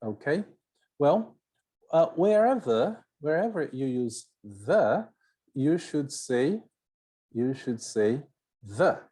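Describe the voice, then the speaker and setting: A man's voice: a little high, very animated, mellow, husky. A man with a Brazilian Portuguese accent, a native Portuguese speaker, teaching an English video lesson and often checking in with "right?" and "okay?". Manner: explaining slowly, with frequent "right?" and "okay?" checks.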